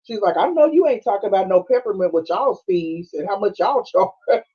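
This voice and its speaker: A high-pitched man hosts a casual podcast, chatting through a movie scene by scene with a Black flavor. He acts out the characters' lines and breaks into laughter often. The sound is a bit dull and lo-fi. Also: moderate pace, slightly rough. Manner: animated storytelling with frequent laughing and quoted voices. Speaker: podcast host. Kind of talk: casual movie recap chat. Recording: dull lo-fi streaming audio.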